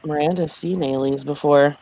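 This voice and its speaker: A player in a tabletop role-play game, narrating their character slowly with frequent laughs and fillers. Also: medium pitch, fairly even intonation, darkish tone, muffled recording. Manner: giggly, slow with fillers.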